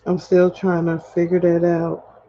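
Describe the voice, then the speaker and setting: Woman, livestream host, candid solo monologue, chatty and confiding, unhurried, dull lo-fi stream audio. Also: fairly low pitch, monotone. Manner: chatty, confiding, laughs at herself.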